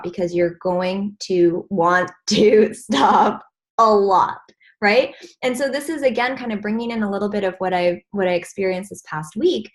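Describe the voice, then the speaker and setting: A woman hosting a video call, giving an animated, encouraging motivational talk to her team. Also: mid-range voice. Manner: animated and encouraging, acts out stressed inner voices.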